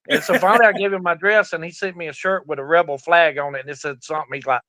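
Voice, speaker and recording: A man's voice: on the high side, lively intonation, fast, pushed and bright, dry recording. A middle-aged man, a veteran wrestler, telling stories in a casual interview, profane and rowdy, acting out the voices of the people he quotes. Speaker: guest, veteran pro wrestler.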